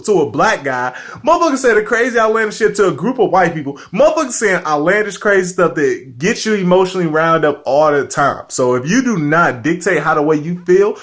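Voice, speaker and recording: A man vlogging in casual chat, rambling and candid, with constant fillers and frequent profanity. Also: sits high. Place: home studio.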